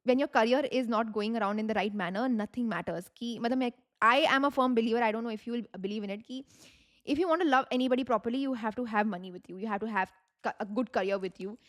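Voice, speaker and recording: A woman's voice: on the high side, fast. A young woman with an Indian English accent, a tarot reader chatting to her viewers in a rambling, repetitive way, slipping into Hindi now and then. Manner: chatty, rambling, repeats herself, mixes in Hindi. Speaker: tarot reader and channel host. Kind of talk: casual talk to camera.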